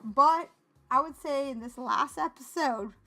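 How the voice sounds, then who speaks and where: A woman's voice: high-pitched, a little slow, sharp tone. A young woman co-hosting a podcast, chatting casually and sarcastically, often laughing. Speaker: podcast co-host. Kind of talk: casual chat.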